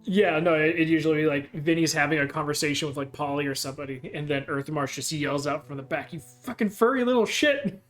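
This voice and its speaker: A man with a somewhat higher voice talks casually as the game master. He moves from friendly banter to calmly explaining the plans for the campaign, and soft music plays faintly behind him. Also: fast talker, hardly any pauses. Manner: easygoing, methodically laying out plans. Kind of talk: casual chat.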